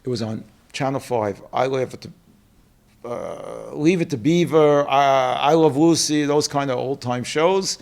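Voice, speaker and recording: A middle-aged man with a New York accent, a company co-president telling animated stories in an interview and acting out quotes. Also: medium pitch, measured pace, gravelly. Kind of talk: storytelling interview.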